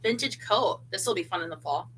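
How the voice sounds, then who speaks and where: A woman's voice: medium pitch, expressive, fairly quick, fairly bright tone, a little hiss or hum, poor audio. A woman hosting a casual livestream, chatting loosely with lots of fillers as she looks through clothes. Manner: chatty, giggly, fillers like "um" and "you know". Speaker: livestream host. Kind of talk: casual chat while unboxing clothes.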